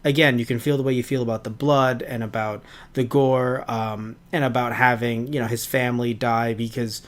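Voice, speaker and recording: A man of middle pitch co-hosting a review podcast. He talks in a casual, rambling way, full of restarts and asides. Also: steady tone, moderate pace, hardly any pauses. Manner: rambling, with many restarts and "you know". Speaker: podcast co-host.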